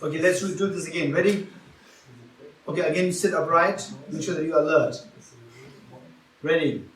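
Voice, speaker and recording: A man's voice: fairly high pitch, moderate pace. A man giving an interactive Buddhist teaching, asking the audience questions and repeating key phrases. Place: retreat teaching hall. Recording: roomy hall sound from far off.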